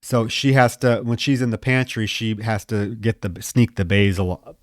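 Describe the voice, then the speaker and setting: A man's voice: fairly low pitch, moderate pace, dry recording, studio quality. A man co-hosting a film podcast who retells scenes by acting out the characters' lines. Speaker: podcast co-host. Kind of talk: casual film review chat.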